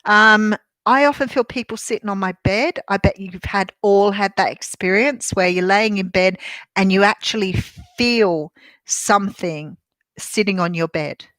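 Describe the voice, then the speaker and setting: A woman's voice: medium pitch, a little slow, fairly bright tone, no room sound. An older woman with an Australian accent, a tarot reader and medium chatting casually on a live stream from a room at home. She rambles, with many ums and restarts.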